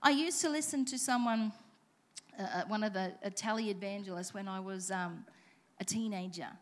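A woman's voice: mid-range voice, moderate pace. A woman preaching a sermon in church, telling stories with playful self-deprecating asides. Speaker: pastor.

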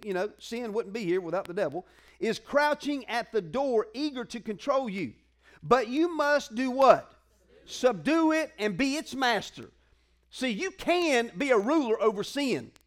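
Male preacher, high-pitched, chatty call-and-response sermon delivery. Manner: conversational, call-and-response preaching with colloquial asides. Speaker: pastor.

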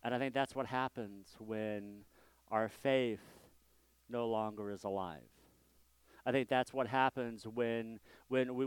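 Male pastor preaching in a sanctuary, smooth clear tone, dry close sound, easygoing and self-deprecating. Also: mid-range voice, no room sound. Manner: conversational, self-deprecating, frequent restarts. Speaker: senior pastor. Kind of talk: sermon. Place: church sanctuary.

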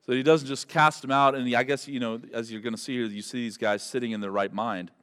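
Animated preacher man in a reverberant hall. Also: mid-range voice, fast, clear, resonant tone. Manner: animated storyteller, builds to loud emphatic peaks. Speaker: pastor. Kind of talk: expository sermon.

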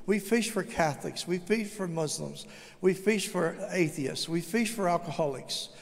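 An older man preaching a testimony sermon as a guest speaker, telling his story with animated, acted-out dialogue. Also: sits high, moderate pace, creaky. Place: church sanctuary. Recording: long hall reverb.

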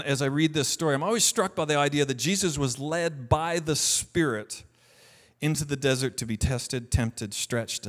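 Male pastor, slightly higher voice, conversational sermon, reads scripture with emphasis, frequent restarts. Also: a bit bright. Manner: repeats words and restarts often.

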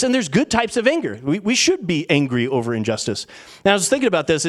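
A man preaching a sermon as pastor, talking in a casual storytelling way with plenty of fillers. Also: a little high.

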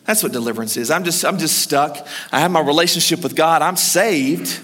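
A man preaching with a high, lively pitch and an energetic push, calling out for the room to answer him. His voice has a bright, forceful edge. It rings with the long reverb of a large church hall. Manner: energetic, urging the congregation to respond. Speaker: pastor. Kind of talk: sermon.

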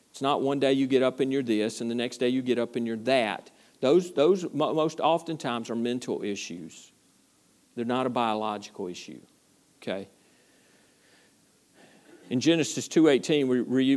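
A man's voice: mid-range voice, a little mellow. Earnest, emphatic man preaching a sermon. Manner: earnest, repetitive, emphatic, with playful asides. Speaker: pastor.

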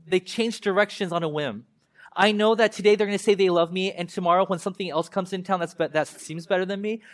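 Animated man preaching a casual sermon. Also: on the high side. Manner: conversational, animated, acts out voices of God and prophet. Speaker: pastor.

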